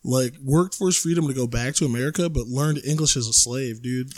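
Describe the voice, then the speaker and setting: A man's voice: mid-range voice, fairly quick, no room sound, clean studio sound. A man hosting a casual podcast, talking in a crude, brash way with lots of swearing. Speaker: podcast host.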